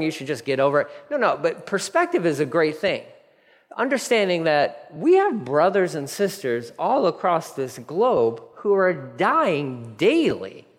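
A man preaching a sermon as a pastor, animated and conversational. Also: fairly high pitch. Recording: long hall reverb.

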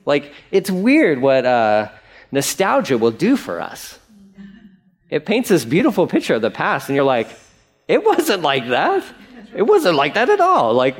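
Male pastor, conversational sermon, mock quotes, highish voice, very lively pitch.

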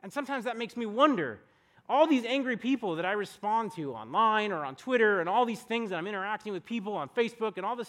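High-voiced pastor preaching conversationally. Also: male voice. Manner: conversational, animated storytelling with rhetorical questions. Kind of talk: sermon. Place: church podcast recording.

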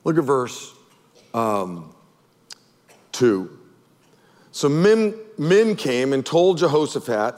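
A man preaching a sermon as pastor, animated and emphatic, firing off rhetorical questions at his congregation. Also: medium pitch, takes it slowly, long pauses, long reverb tail.

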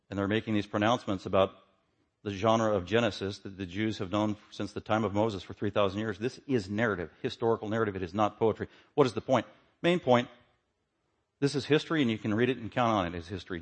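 Male pastor, sermon delivery, emphatic with loud peaks and quiet drops. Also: medium pitch. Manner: emphatic, swings from loud to hushed.

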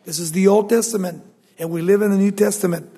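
A man's voice: high voice, fairly even intonation, fast, mellow, breathy edge, in a large hall. A man teaching from the Bible, reading verses aloud and breaking off to comment with emphatic proclamation. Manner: reads scripture aloud then comments, rising to emphatic proclamation. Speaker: preacher.

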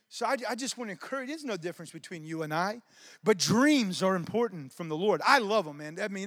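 A man preaching in a church with a notably high voice. He tells his story in a lively, casual way, dropping "man" and "y'all" as he goes. The sound is dry and close. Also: no room sound. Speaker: preacher teaching on dreams. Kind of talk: informal church teaching and testimony.

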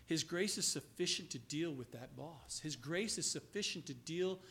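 A male pastor preaching with a high, bright voice whose pitch leaps around. He drops to a hushed murmur and then climbs back to loud, ringing emphasis. He stretches out his key words and acts out the voices he quotes. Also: expressive, moderate pace, creaky. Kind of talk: sermon.

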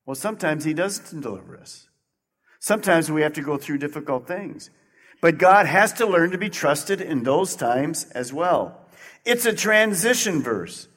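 A man preaching a sermon as pastor, swinging between loud emphatic peaks and quiet, low passages. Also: animated, normal speed. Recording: long hall reverb.

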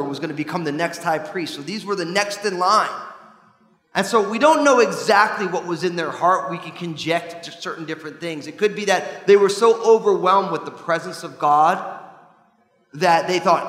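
A man in his forties preaching a sermon as pastor, in an animated, conversational way with asides. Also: fairly high pitch. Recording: echoey hall.

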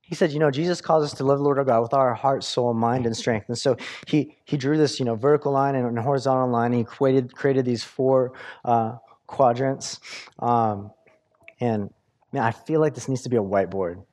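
A man's voice: mid-range voice, fairly even intonation, normal speed, darkish tone. A man preaching a sermon in a conversational way, with lots of fillers and restarts. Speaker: pastor.

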